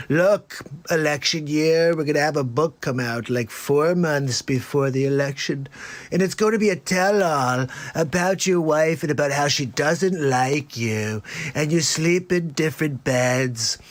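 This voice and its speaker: A man's voice: fairly high pitch, unhurried, close to an everyday voice. A man doing a comedic impression of a boastful, blustering older politician, full of superlatives and repetition. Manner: bragging, repetitive, superlative-heavy. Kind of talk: comedic celebrity impression on a livestream.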